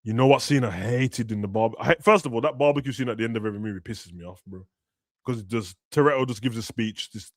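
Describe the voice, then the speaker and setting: A young man, ranting and joking as a streamer during a football watch-along, now and then shouting. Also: medium pitch, quick pace, no echo, studio quality. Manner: ranting, slangy, bursts of shouting. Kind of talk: casual chat over a live match.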